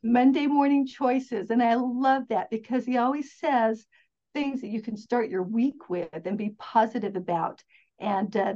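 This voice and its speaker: A woman with a fairly high voice chats as a podcast guest, upbeat and enthusiastic as she rambles through her stories. She often restarts her sentences. The recording sounds dull and lo-fi. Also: mellow. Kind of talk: casual interview storytelling.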